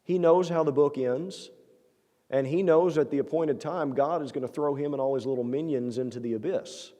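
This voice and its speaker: With a dark tone and a voice on the high side, a male pastor preaches at normal speed in a church sanctuary. His sermon is earnest and conversational, full of rhetorical questions for the congregation, and a long church-hall reverb fills the recording.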